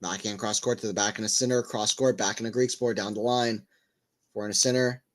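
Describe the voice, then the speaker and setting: A man's voice: fairly low pitch, steady tone, a little fast. A man giving casual live play-by-play tennis commentary, chatting and rambling between rallies and lifting his voice on big points.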